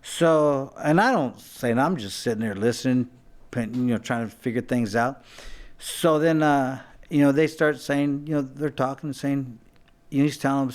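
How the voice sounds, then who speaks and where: A man's voice: medium pitch, normal speed. A man, a former boxer, telling stories in a casual talk-show chat, with many restarts and acted-out quotes. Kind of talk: casual storytelling.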